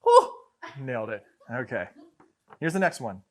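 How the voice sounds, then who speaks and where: A man's voice: mid-range voice, wildly swooping pitch, a little slow, fairly bright tone. A man, the show's cameraman, reading viewer comments aloud in a light, self-deprecating, jokey way.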